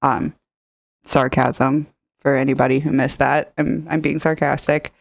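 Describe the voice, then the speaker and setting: A woman's voice: rumbling low, little pitch movement, a little slow, vocal fry, no echo, clean studio sound. A woman streamer reacting to a video in casual commentary, rambling with lots of fillers and reading chat messages aloud.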